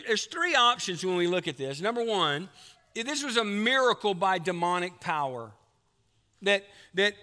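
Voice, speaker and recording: A man's voice: high voice, bright, forceful tone, clean tone. A man, preaching a folksy sermon as pastor of his church. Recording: long hall reverb.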